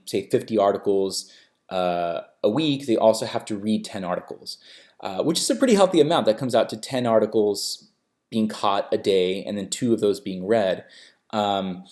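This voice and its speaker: A man walking through a software dashboard in a casual tutorial, talking loosely with many fillers and restarts. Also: lowish voice. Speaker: software company representative giving a tutorial. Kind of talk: screen-share tutorial walkthrough.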